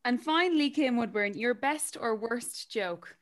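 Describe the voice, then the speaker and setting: A woman with an Irish accent hosting a podcast, firing off brisk, upbeat quick-fire questions. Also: on the high side, expressive. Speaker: podcast host. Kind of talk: interview questions.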